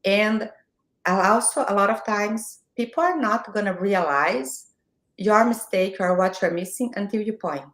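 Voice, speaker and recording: A woman's voice: medium pitch, measured pace, a bit bright, echoey room. A woman from Brazil with a Brazilian Portuguese accent, whose first language is Portuguese, giving direct, encouraging advice as an interview guest on a video call. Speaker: guest, marketing mentor. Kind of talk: motivational interview talk. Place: home, morning video call.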